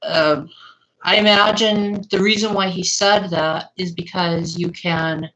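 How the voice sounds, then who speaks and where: A woman's voice: on the low side, steady tone, takes it slowly, a bit bright, poor audio. A young woman streaming live, chatting casually and answering her viewers' comments.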